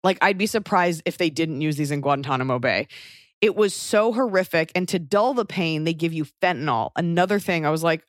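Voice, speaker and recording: A woman's voice: lowish voice, lively intonation, a little fast, dry recording, clean studio sound. A woman in her thirties telling a personal story in a casual, wry way, acting out other people's voices as she goes.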